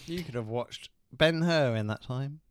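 A man's voice: medium pitch, unhurried, smooth, no room sound, studio quality. A man co-hosting a podcast in casual chat, joking and spinning comic riffs. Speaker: podcast co-host.

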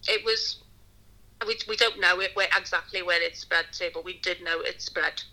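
A woman attending a psychic reading, giving brief, soft answers. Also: on the low side, steady tone, moderate pace, low-quality recording. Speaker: sitter at a reading.

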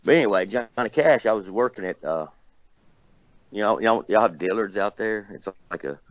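A man's voice: lowish voice, animated, normal speed, no echo, lo-fi sound. A man from near Nashville, casually telling a rambling story as a guest, cussing and laughing often. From Tennessee, near Nashville.

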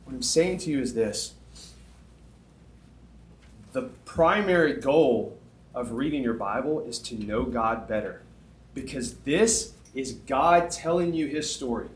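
A middle-aged man preaching as a youth pastor, animated and conversational, often checking in with "okay?". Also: medium pitch, measured pace, long pauses. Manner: animated, conversational, self-deprecating, frequent "okay?". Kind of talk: sermon. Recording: echoey room.

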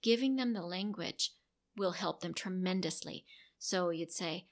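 Calm, patient woman giving parenting tips. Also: on the low side, measured pace. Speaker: parenting educator. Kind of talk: instructional talk to parents.

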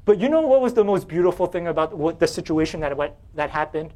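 Animated high-voiced male pastor. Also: fast. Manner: animated, self-deprecating, often rising in pitch and volume when retelling anger. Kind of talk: sermon with personal storytelling.

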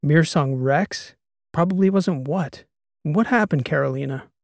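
A man's voice: on the high side, unhurried, gravelly, no echo, studio quality. A man voicing an agitated, incredulous male historian who keeps firing off demanding questions. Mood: alarmed.

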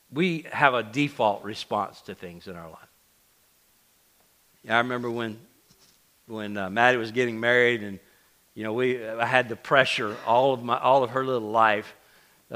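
A man's voice: mid-range voice, moderate pace, pauses often, a bit bright. A middle-aged man, a pastor, preaching a casual, conversational sermon to his congregation, with self-deprecating asides and frequent restarts. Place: church sanctuary.

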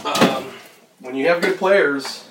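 Casual male vlogger, rambling and loose, mid-pitched voice, clear background noise. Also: takes it slowly. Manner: rambling, swears casually, talks to viewers. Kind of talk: casual chat while driving and running errands. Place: in a car and parking lot.

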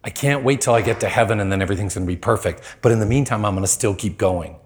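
A man preaching, telling a personal story with lively acted-out quotes. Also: on the low side, racing. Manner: animated storyteller, acts out quoted lines. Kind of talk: sermon storytelling.

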